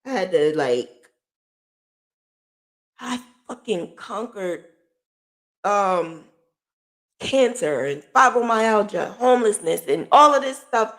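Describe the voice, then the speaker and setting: A woman's voice: mid-range voice, animated, slow, long pauses, a bit bright. A middle-aged woman hosting a podcast, telling her own story in a candid, emotional way and swearing freely. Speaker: podcast host. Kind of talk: personal storytelling.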